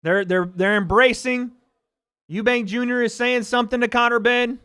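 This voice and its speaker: Man, fight commentator, high voice, bright tone, excitable, swears, calls punches live. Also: moderate pace, smooth, no echo, studio quality. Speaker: watch party host.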